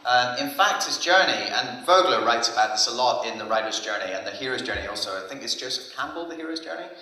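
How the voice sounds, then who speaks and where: A man's voice: mid-range voice, quick pace. Man speaking in an echoey hall. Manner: casual, anecdotal, lively storytelling. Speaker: conference speaker. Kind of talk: conference talk.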